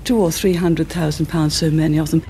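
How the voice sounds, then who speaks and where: Gravelly, indignant woman. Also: deep voice, steady tone, fairly quick, very noisy.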